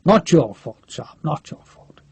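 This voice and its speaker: A man voicing a gruff, blunt middle-aged Scottish major general who has a head cold, drawing out his curses. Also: fairly high pitch, very animated, darkish tone, no room sound, exaggerated voice. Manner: blunt, swearing, drawn-out.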